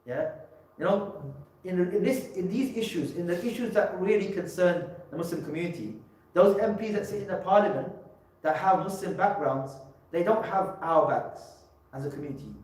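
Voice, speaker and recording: A man's voice: high-pitched, lively intonation, moderate pace, darkish tone. A man giving a public talk to parents as a religious scholar, speaking emphatically and often repeating words as he restarts. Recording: echoey hall, mic from far off.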